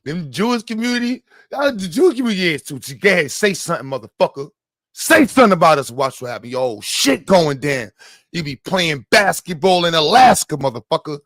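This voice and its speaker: A man's voice: on the high side, sing-song, fairly quick, fairly bright tone, no echo. Blunt profane man, dry sound. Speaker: stream host. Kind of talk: heated casual reaction chat.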